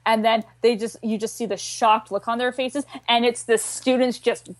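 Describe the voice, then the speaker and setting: Young Canadian woman, podcast regular; eager, quick, cussing, dead-dry recording. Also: a little high, no room sound. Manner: enthusiastic, swears freely, fast and excitable. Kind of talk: casual chat.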